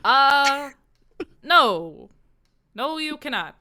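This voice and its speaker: A woman's voice: high voice, big pitch swings, drawn-out words, bright, forceful tone, voice pushed up, heavily acted. Lady doing a jittery halfling guy, stammery and unsure. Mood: confused. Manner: stammering, hesitant. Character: nervous male halfling, flustered and reluctant.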